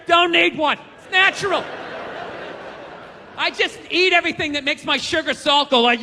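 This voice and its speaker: A man doing a profane stand-up comedy routine, ranting loudly and mocking people in put-on voices. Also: very high voice, normal speed, long reverb tail, a faint crowd, slight background noise.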